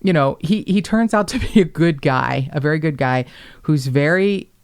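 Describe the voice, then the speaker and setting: A woman hosting a podcast, telling stories in a casual, animated way, blunt and quick to swear. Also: low voice. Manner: animated, blunt storyteller who swears freely. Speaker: podcast host. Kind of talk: casual chat.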